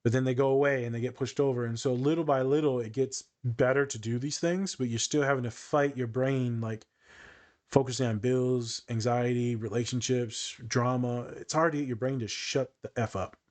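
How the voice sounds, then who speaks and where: Man, podcast host, casual chat, animated, joking, mid-range voice. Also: mid-range voice, moderate pace.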